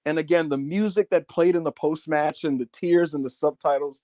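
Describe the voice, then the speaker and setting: A man chatting on a podcast, his voice sitting a touch high and recorded dry and close. He tells stories with energy and swears freely, acting out the lines he quotes. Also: fairly quick, no room sound, muffled recording. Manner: animated storytelling, swearing, acts out quotes. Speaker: podcast co-host. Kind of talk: casual podcast chat.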